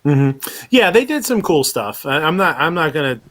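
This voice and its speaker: A man's voice: a little high, big pitch swings, normal speed, a bit bright. A man hosting a casual live chat, telling a rambling story full of swearing and laughter. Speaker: podcast host.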